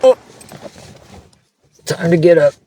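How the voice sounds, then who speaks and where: On a neighborhood walk, a vlogger talks herself through the outing, swearing quietly and sing-songing at cats she passes. Her fairly low voice is warm but flat in delivery and slow, recorded outdoors with distinct background noise.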